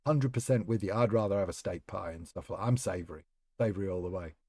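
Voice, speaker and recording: A man's voice: low-pitched, quick pace, dark tone, no room sound. A man live-streaming a game, chatting in a rambling way and talking to viewers by name. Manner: rambling, chatty, talks to chat members by name. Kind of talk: casual live-stream chat while playing.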